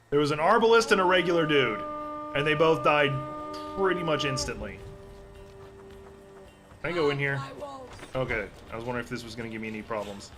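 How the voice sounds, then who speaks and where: A man livestreaming a game, giving casual, rambling commentary and swearing freely as he plays. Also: mid-range voice. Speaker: gaming livestreamer.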